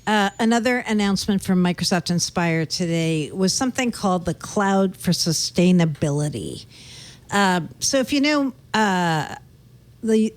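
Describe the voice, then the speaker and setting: Lower-voiced woman explaining enterprise tech. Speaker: podcast co-host. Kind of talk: casual tech podcast segment.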